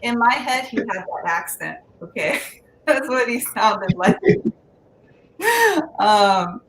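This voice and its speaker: A woman doing a stand-up comedy set in a casual, unhurried way, laughing at her own jokes. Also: medium pitch, reverberant, noisy background.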